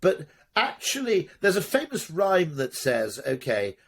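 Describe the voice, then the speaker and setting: Husky man telling discursive stories. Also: on the high side, wildly swooping pitch, a little slow, hardly any pauses, a bit bright. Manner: discursive storytelling with frequent restarts and asides; wry, occasionally profane. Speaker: marketing executive guest. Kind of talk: conversational interview answers.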